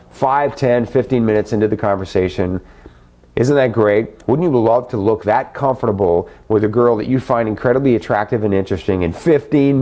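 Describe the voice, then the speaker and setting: A man's voice: medium pitch, mellow. A middle-aged man hosting a live webcast, answering viewer questions in a chummy, effusive way. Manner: effusive, repeats words for emphasis.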